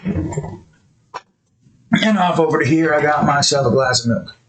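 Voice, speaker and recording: A man's voice: fairly high pitch, a little slow, fairly bright tone, rough recording. Rambling casual young man. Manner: rambling, loose, wanders between topics and scolds his cat. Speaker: art vlogger. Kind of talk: casual rambling monologue while drawing.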